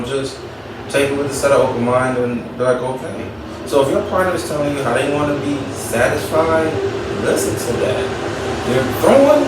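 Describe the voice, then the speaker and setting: A man's voice: medium pitch, slight background noise. A man hosting a casual advice talk, speaking conversationally and repeating his points for emphasis. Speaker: talk show host. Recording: echoey room, mic at a distance.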